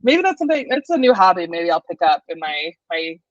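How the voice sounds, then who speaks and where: A woman with a Southern US accent chatting as a podcast guest, talking fast and loose with lots of fillers and laughs. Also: fairly low pitch, sing-song, no echo, highs cut off. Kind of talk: casual podcast chat.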